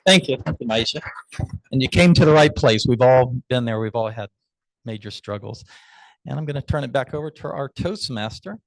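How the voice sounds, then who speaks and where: A man's voice: mid-range voice, lively intonation, moderate pace, creaky, dry recording. A man hosts a round of impromptu questions at a speaking club. He is chatty and upbeat, slipping into little stories before he calls on people. The sound is dry, with almost no room in it. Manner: chatty, upbeat, storytelling asides. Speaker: table topics master. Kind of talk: club meeting hosting.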